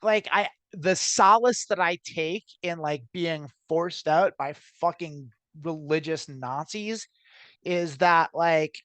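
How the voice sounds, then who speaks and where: An American trans woman co-hosts a podcast, chatting casually in a rambling way full of filler words, laughing often and swearing freely. She has a low voice and a slow pace with a slightly bright tone, and there's no echo.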